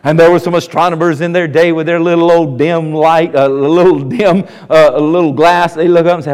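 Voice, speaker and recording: A middle-aged man preaching a sermon as pastor, animated and mocking skeptics in put-on voices. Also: on the high side, fairly quick, few pauses, smooth. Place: church sanctuary. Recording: long reverb of a church hall.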